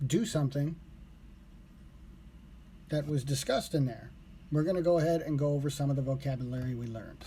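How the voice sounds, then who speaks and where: Man, casual live streamer, loose rambling delivery with self-corrections; mellow tone, faint background noise. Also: fairly high pitch. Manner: relaxed, rambling, corrects himself aloud. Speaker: live streamer learning Japanese.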